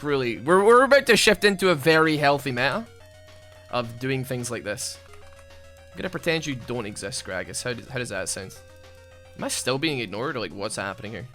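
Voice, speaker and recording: A young man giving casual, rambling gameplay commentary, self-mocking and given to sudden loud outbursts at the game. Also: mid-range voice, big pitch swings, normal speed, faint music behind. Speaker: gaming YouTuber.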